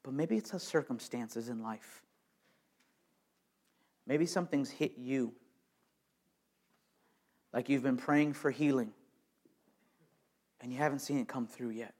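Speaking slowly with frequent pauses, a pastor with a medium-pitched voice preaches with emphasis. His sermon alternates between quiet, intimate lines and raised, loud ones, and he often restarts by repeating words.

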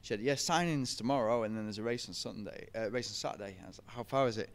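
A man's voice: lowish voice, steady tone, rapid-fire. A young man, telling running stories in a casual interview, chatty and laughing often. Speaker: podcast guest, ultra runner.

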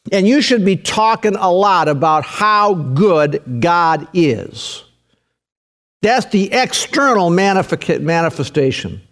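A middle-aged male pastor preaching a sermon, emphatic, with his voice swinging up and down for emphasis. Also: a little high.

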